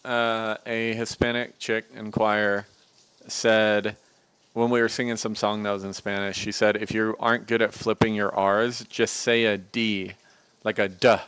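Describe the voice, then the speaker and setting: A man's voice: on the low side, level tone, unhurried, fairly bright tone, clear, resonant tone, no echo. A man co-hosting a casual cooking livestream, telling dry, joking stories. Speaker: livestream cooking show co-host. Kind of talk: casual chat.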